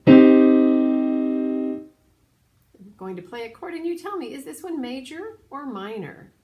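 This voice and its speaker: Piano teacher lady, kinda high voice, talks slow n patient, piano going loud behind her. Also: sing-song, lo-fi sound. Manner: patient, clear teacher talk, breaks into sung solfege. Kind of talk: children's piano lesson video. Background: piano playing.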